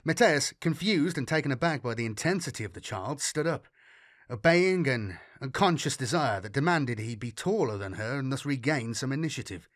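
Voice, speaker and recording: A man narrating a grim sci-fi audiobook in an expressive storytelling reading. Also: mid-range voice, normal speed, no echo, studio quality. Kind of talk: scripted narration.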